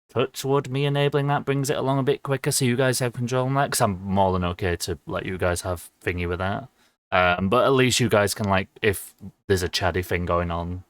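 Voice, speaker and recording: A young man talks to his stream chat in a low, relaxed voice, rambling with plenty of ums and quick laughs. The sound is dry and close, with no room echo around him. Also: clean tone. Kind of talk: casual livestream chat with viewers.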